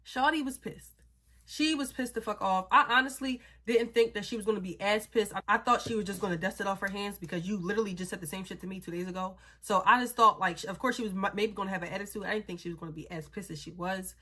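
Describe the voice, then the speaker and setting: A young woman at a middle pitch gives a casual storytime, talking bluntly and swearing freely. She sounds worn out and fed up as she walks through what happened. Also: brisk, sharp tone. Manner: blunt, profane, exasperated retelling.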